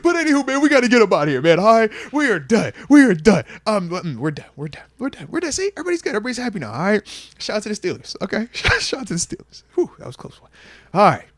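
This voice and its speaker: A man hosting a casual sports talk show, playful and animated, often laughing and repeating himself. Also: high voice, quick pace. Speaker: podcast host.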